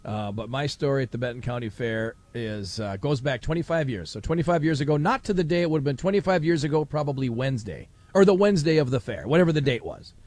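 Animated middle-aged radio host, lively pitch. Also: male voice, quick pace, hardly any pauses. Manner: animated storyteller, acts out voices. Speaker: radio talk show host. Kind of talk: live radio talk at a fair. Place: outdoor fair broadcast booth.

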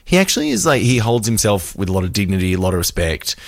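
Aussie radio guy, low voice, dry studio sound, tells stories and acts out the bits. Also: fast, vocal fry, dry recording. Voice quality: animated storyteller, acts out voices. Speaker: radio co-host. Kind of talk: casual radio banter, storytelling.

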